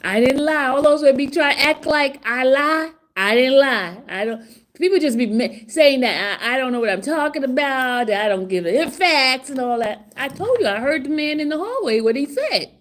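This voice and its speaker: Excited woman vlogging with laughter. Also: sits high, moderate pace. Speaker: trial vlogger. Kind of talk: casual vlog commentary. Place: outside a courtroom, hallway area.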